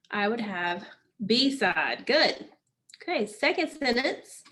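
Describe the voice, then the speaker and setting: Female teacher, slightly high voice, slow deliberate phonics drills for kids. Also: fairly bright tone. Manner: slow, patient, asks and answers own questions. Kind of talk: phonics lesson for children.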